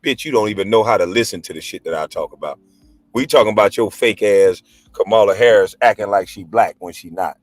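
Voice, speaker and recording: Soft music plays under a dry, echo-free recording of a man in his forties, once a pro basketball player and now a livestream host, ranting heatedly. Brisk and on the low side, he's profane, combative and mocking, with scornful laughter.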